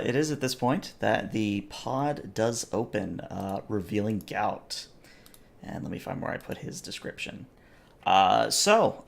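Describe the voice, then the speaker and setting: A man with a lowish, gravelly voice narrates a tabletop game as game master. He describes scenes hesitantly, filling his pauses with "uh". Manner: hesitant, lots of filler "uh".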